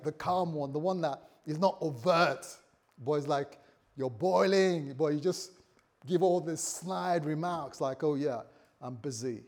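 A man preaching a sermon as pastor to a congregation, swinging from quiet low lines to loud raised bursts and acting out his own inner voice in quoted asides. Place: church service before a congregation.

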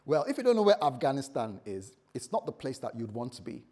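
Husky-voiced male preacher. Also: medium pitch, very animated, fast talker, a little mellow. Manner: conversational, quizzes the congregation, acts out scenarios. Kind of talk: sermon.

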